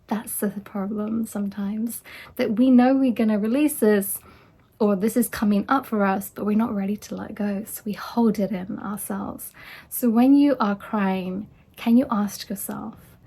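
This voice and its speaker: A young woman coaching her listeners through a motivational talk, earnest and encouraging. Her voice is mellow and a little husky. She now and then drops into soft whispers to stress a point. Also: mid-range voice, a little slow. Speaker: life coach. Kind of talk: motivational monologue.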